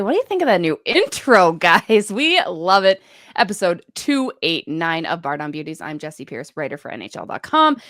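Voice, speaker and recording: A woman co-hosting a hockey podcast, talking in a chatty, casual way with quick asides. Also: lowish voice, sing-song, a bit bright, no room sound, clean studio sound. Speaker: podcast co-host and hockey writer.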